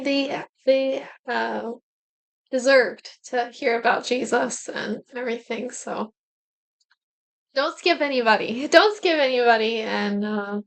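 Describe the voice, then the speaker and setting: A woman hosting a youth program, responding softly and hesitantly with many fillers. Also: a little high, vocal fry. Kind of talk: casual response after a talk.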